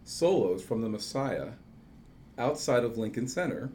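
A man's voice: medium pitch, lively intonation, measured pace, dark tone, a little hiss or hum. A man hosting a casual chat, telling a self-deprecating story of his own. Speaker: host.

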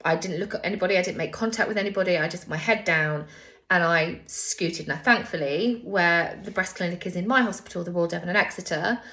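Woman, low voice, candid, emotional, personal storytelling. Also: fairly quick, fairly bright tone.

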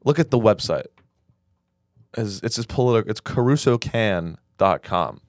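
Lively-voiced joking male podcast co-host. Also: on the low side, a little slow, no echo, studio quality. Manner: playful, hesitant, thinking aloud. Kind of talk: casual chat.

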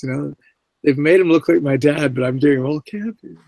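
A male actor chats as a guest, spinning anecdotes with animated energy and slipping into the voices of the people he quotes. His voice sits a bit high for a man. The sound is close and dry, with no room around it. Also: fairly quick, creaky, dry recording. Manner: animated, acts out quoted lines, many fillers. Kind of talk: casual interview storytelling.

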